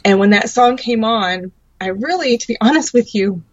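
A woman guest sharing her testimony as a mother, earnest and halting with many ums. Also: on the high side, animated, no room sound. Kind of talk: faith testimony in an interview. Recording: dry, dull lo-fi sound.

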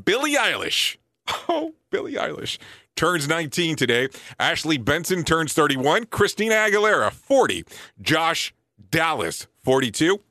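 A man around forty hosting a casual show, reading lists quickly and breaking in with surprised, joking asides. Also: on the high side, huge pitch swings, pushed and bright, dry recording, clean studio sound. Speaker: show host.

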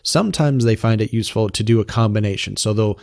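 A man hosting a podcast, speaking in even, measured conversation and addressing his listeners. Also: on the low side, vocal fry, dry recording, studio quality. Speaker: podcast host.

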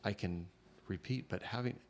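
A man hosting a relaxed interview, his voice low and full of gravelly fry. He talks thoughtfully and haltingly, pausing with fillers as he works out each idea. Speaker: podcast host interviewer. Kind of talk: casual conversational interview.

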